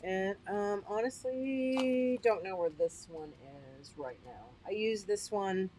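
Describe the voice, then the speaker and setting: A woman's voice: medium pitch, slow pace, warm tone, slight background noise. A woman hosting a casual livestream, chatty and upbeat, who often checks in with her listeners and laughs at herself. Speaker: host. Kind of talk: casual livestream product demo.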